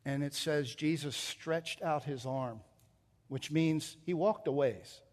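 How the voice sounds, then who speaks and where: A man's voice: on the high side, slow pace, in a large hall. A man preaching a sermon, reading scripture and explaining its grammar, building to emphatic peaks. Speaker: pastor.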